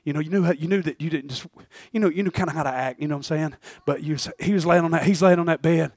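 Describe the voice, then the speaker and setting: A man preaching a fervent sermon with sudden shouted bursts. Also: a little high, racing, no room sound.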